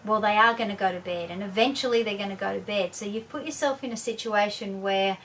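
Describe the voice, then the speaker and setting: Calm woman giving parenting advice. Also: mid-range voice. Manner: calm, steady, advising. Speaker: parenting educator. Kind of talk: instructional parenting talk. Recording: distant mic, faint background noise.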